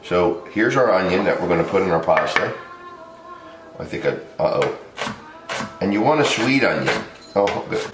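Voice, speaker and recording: A very low-pitched man chats his way through a home cooking demo, easygoing and quick to laugh. His voice bounces around a reverberant kitchen while music plays clearly behind him. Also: expressive. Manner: chatty and loose, laughs often, talks to camera crew. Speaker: home cook vlog host. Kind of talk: casual cooking demonstration.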